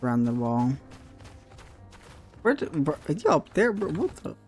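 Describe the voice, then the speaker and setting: A man's voice: fairly high pitch, big pitch swings, a little slow, soft background music. A young man streaming a game, rambling and joking in casual commentary and swearing often.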